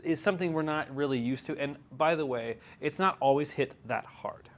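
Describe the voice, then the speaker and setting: A man's voice: on the high side, moderate pace, few pauses, a bit bright. A man teaching an evening language class in a classroom, chatty and joking, laughing often. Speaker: Hebrew teacher.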